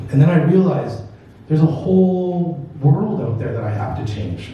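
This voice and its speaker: A man's voice: a little high, lively intonation, normal speed, muffled recording, slight background noise. A man performing a stand-up set, telling rambling, crude stories with loose punchlines. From Canada. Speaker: stand-up comedian. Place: comedy club stage. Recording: roomy venue, voice from a distance.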